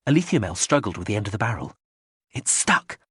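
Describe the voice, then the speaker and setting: A man narrating an audiobook in a measured reading, raising his voice for the quoted lines. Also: lowish voice, sing-song, husky, no echo, clean studio sound. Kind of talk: scripted narration.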